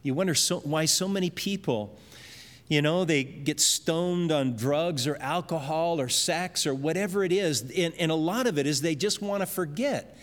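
High-voiced man preaching in a hall. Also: normal speed. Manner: earnest, explains verses with everyday examples. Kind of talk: expository sermon.

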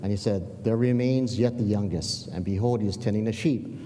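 A man delivering a sermon in a relaxed, conversational manner, stumbling over and repeating words as he goes and checking in with his listeners. His voice sits low and sounds mellow and warm. The sound carries a long reverb, as if in a large hall. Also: moderate pace. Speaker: pastor.

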